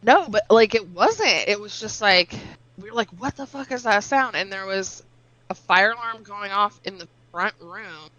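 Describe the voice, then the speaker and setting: A woman telling animated stories in casual chat with friends, swearing and laughing as she goes. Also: medium pitch, a little slow, lo-fi sound. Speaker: storyteller among friends.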